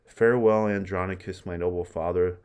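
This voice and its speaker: Guy reading as an exiled young roman son saying goodbye, low voice, leans on the farewells. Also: steady tone, brisk, a little mellow, smooth, lightly acted. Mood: mournful.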